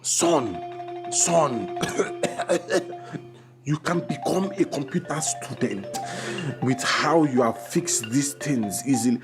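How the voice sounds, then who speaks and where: A man's voice: medium pitch, lively intonation, takes it slowly, pauses often, over music. A man putting on his father's voice as a proud dad praising his son, with a put-on accent and a cough.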